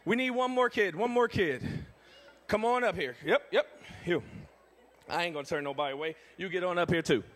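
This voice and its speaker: Speaking a little fast in a high voice, a man puts on a strength ministry demonstration at a church event. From the stage, he energetically rallies the audience and the children.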